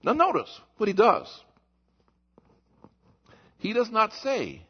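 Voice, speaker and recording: A man preaching a sermon as pastor, swinging between shouted points and low, quiet asides. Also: huge pitch swings, takes it slowly, breathy edge. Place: church. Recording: muffled lo-fi recording.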